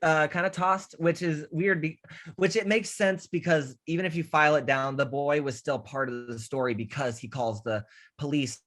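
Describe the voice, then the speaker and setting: A young man hosting a casual film chat, rambling and animated, swearing freely and acting out scenes he loves. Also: a little high, normal speed. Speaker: podcast host.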